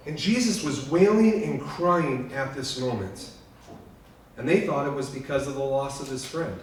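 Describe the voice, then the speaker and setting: Male pastor, memorial sermon, earnest, swings loud to hushed, big echoey hall, distant mic, faint hiss. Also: mid-range voice, animated, a little slow. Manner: earnest preaching, sweeping between loud peaks and hushed lines. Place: lodge hall.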